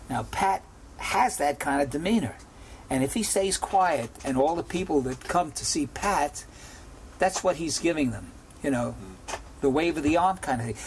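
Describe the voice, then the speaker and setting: A man's voice: on the high side, lively intonation, unhurried, a little hiss or hum. A man in a documentary interview, talking bluntly and opinionatedly, sometimes rambling. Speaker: record producer interviewee.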